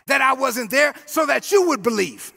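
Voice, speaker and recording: A man voicing Jesus as a calm, plainspoken teacher speaking emphatically to his disciples. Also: extremely high pitch, moderate pace, gravelly, husky, shouting, soft background music, exaggerated voice. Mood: emphatic.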